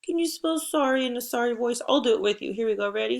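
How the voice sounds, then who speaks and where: A woman teacher giving a spelling and phonics lesson to first graders, patient and encouraging, prompting with clear cues. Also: fairly high pitch, quick pace, hardly any pauses. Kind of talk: phonics lesson for young children.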